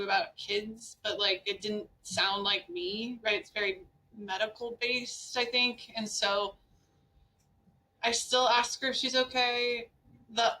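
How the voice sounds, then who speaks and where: Frank bright-voiced woman in her forties. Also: medium pitch, distant mic, slight background noise, rough recording. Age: 40s. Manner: frank, conversational, many "like" and "right?" tags. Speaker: guest. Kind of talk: candid podcast conversation.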